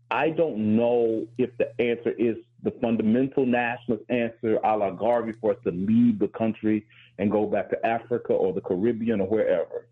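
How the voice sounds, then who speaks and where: A man's voice: medium pitch, breathy edge. A man hosting a radio talk show, speaking earnestly and reflectively as a historian, with frequent restarts. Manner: earnest and reflective, with repeated words and quick laughs. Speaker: host and historian. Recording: tinny phone-like broadcast.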